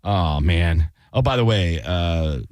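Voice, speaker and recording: A married man hosting a radio aftershow, chatting in a casual, jokey way and exclaiming loudly when surprised. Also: sits low, expressive, takes it slowly, no room sound. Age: adult, married. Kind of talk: casual on-air banter.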